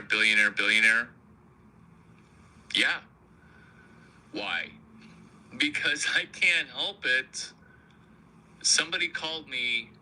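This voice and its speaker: Slow, forceful man riffing crudely. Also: mid-range voice, slight background noise, low-quality recording. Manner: provocative, crude, self-mocking. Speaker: comedian host. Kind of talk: rambling comic monologue.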